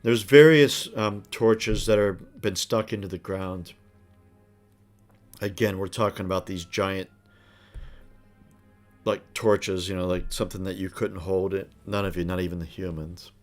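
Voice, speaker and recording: Male game master, unhurried and descriptive, deep voice. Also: flat delivery, soft background music. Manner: unhurried, descriptive, with some hesitations. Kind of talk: narrating a tabletop game.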